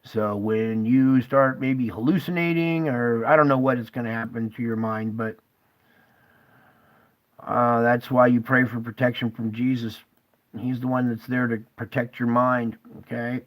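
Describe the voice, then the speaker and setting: A man's voice: mid-range voice, fairly even intonation, a little slow, rough recording. A man hosting his own channel, speaking urgently and emotionally straight to his viewers, tearful at times. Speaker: channel host.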